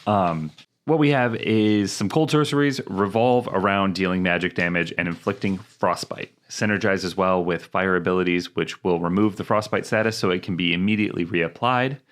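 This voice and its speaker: Deep-voiced male podcast co-host. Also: moderate pace. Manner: reads item text with fillers and laughs. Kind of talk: casual chat, reading game descriptions.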